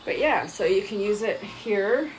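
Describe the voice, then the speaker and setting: A woman's voice: medium pitch, lively intonation, measured pace, slight background noise, poor audio. Chatty woman rambling through a product demo. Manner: chatty, rambling, self-mocking. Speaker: vlogger. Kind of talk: casual live chat, product demo.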